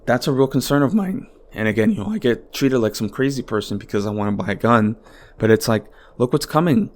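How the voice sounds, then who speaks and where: A man talking solo on his podcast at home, rambling and exasperated. He swears a lot and leans on filler words, in a voice of middling pitch. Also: lively intonation, brisk. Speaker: podcast host. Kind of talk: casual solo podcast monologue.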